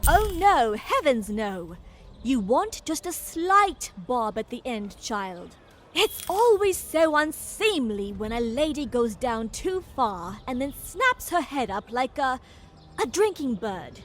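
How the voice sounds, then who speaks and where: A woman's voice: high-pitched, sing-song, takes it slowly, a little hiss or hum, full character voice. An actress playing a prim, etiquette-obsessed noble lady in a video game, fussy and affected.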